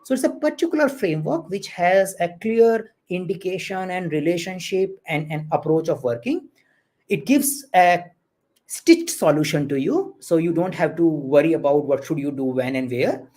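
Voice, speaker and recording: A man answering audience questions as the expert on a live online Q&A, halting with many repeated words and fillers. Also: fairly high pitch, expressive, a little mellow. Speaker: certification expert.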